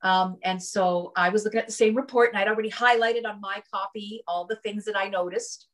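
A woman's voice: mid-range voice, fairly even intonation, fairly quick. A woman talking as a guest in a casual interview, chatty and often checking in with "right?" and "you know".

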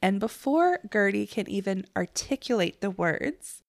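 A woman's voice: mid-range voice, sing-song, measured pace, creaky, dry recording, studio quality. A woman co-hosting a casual gossip podcast, chatty and blunt, swearing freely. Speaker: podcast co-host.

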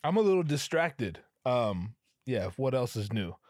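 Hoarse, profane podcast host rambling. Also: male voice, mid-range voice, sing-song, measured pace, darkish tone, no room sound, clean studio sound. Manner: profane, rambling, sarcastic storytelling. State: hoarse, strained throat. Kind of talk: casual comedic monologue.

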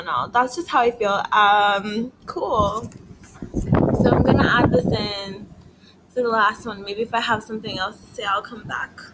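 A woman's voice: a little high, noisy background. Rambling, laughing woman podcaster. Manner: rambling, laughing often, heavy filler words, profane. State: high. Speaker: podcast host. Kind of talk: casual solo podcast monologue.

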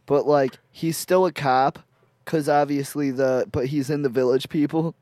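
A man's voice: on the high side, fairly even intonation, moderate pace, darkish tone, no room sound. Young male co-host, rambling and giggly, dry close sound. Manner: rambling, laughs often, heavy filler words. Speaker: podcast co-host. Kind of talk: casual crude comedy chat.

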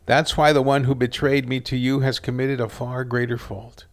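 A man voicing a calm, solemn prophet-king on trial, speaking slowly and quietly in a creaky voice. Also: mid-range voice, natural voice.

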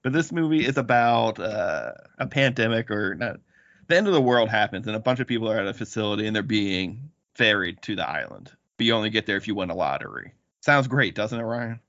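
A man's voice: lowish voice, animated, a little fast, fairly bright tone, dry recording, muffled recording. Playful bantering man hosting a podcast. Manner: playful, boastful banter with laughs. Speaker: podcast host. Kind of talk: casual movie podcast chat.

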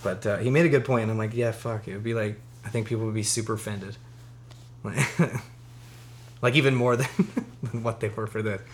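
A man's voice: lowish voice, steady tone, a little fast, slight background noise. Casual male podcast co-host, loose and rambling, laughs a lot, curses freely. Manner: laid-back, rambling, laughs often, swears freely. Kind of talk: casual chat.

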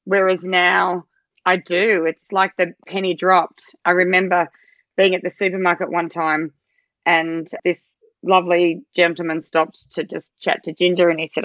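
A woman, a podcast guest, chatting casually and telling animated stories, jumping into a much higher voice when she quotes herself. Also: a little slow, no room sound, muffled recording. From Australia. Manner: animated storytelling, acts out her own quoted lines in a much higher voice. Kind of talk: casual interview chat.

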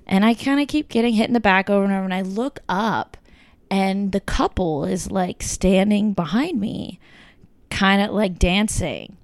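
A young woman telling a story in casual chat, full of "like" and "kinda", quoting people in lively bursts. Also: medium pitch, normal speed, no room sound.

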